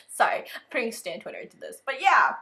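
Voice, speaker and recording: In a casual unboxing vlog, a young woman chats loosely, stuffing "like" into nearly every phrase. Her fairly high voice swoops wildly in pitch, moving a little fast with a pushed, bright quality.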